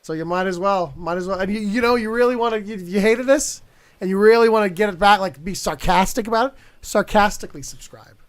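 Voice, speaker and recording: High-voiced guy goofing around at the end of a comedy show, repeats himself a lot. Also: fairly quick. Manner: jokey, repeats words. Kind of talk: casual banter.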